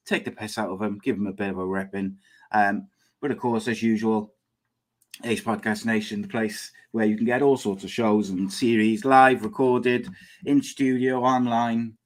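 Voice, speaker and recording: A man's voice: lowish voice, fairly bright tone. A young man hosting a comedic podcast in a rambling, chatty, plain-spoken way. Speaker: podcast host. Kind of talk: casual comedic chat.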